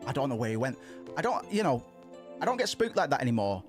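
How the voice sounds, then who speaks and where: A man's voice: mid-range voice, sing-song, fast, soft background music. A man streaming a game, chatting in casual let's-play commentary, rambling with frequent restarts and casual swearing. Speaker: gaming streamer.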